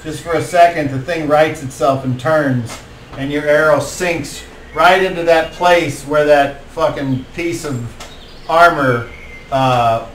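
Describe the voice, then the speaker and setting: A man's voice: fairly high pitch, slow pace, a bit bright. A man running a tabletop game, narrating the action and explaining rules with lots of fillers. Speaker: game master. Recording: echoey room, mic far off, faint noise.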